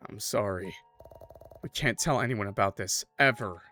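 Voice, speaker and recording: A man voicing a young man in a horror game who speaks low and urgently. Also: normal speed, sharp tone, faint music behind. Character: young man, urgent and controlling under pressure.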